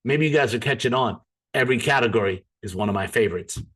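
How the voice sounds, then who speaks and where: A man's voice: mid-range voice, quick pace, fairly bright tone, husky. A man giving an upbeat, persuasive sales presentation to a live group.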